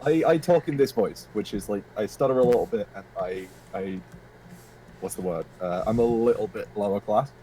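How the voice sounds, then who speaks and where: A man's voice: fairly low pitch, normal speed, dark tone, a little hiss or hum, low-quality recording. A man chatting over voice chat as a stream guest, joking and swearing freely.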